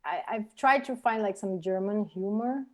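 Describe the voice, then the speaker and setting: A woman's voice: mid-range voice, moderate pace. A woman from Brazil, a native Portuguese speaker with a Brazilian accent, chatting as a podcast guest in a thoughtful, hesitant way as she searches for words. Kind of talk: casual chat.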